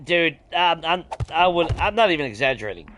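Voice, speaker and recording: Over his gameplay, a man with a high-leaning voice talks fairly quickly, the recording carrying a faint hiss or hum. His chat is a profane, lively rant broken up by laughter.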